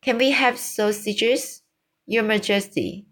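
A woman voicing an eager, polite little girl, read slowly from a storybook. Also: medium pitch, steady tone, a bit bright.

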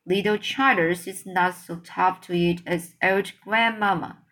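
A woman reading a children's book aloud, voicing a huge gentle old male giant who talks slowly and mixes up his words. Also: lowish voice, steady tone. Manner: slow, drawn-out speech with jumbled words.

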